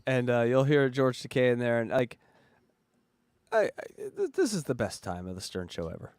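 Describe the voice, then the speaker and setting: A man hosting a podcast, chatting casually with crude jokes and lots of halting fillers. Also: mid-range voice, big pitch swings, a little mellow, no echo, studio quality. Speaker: podcast host.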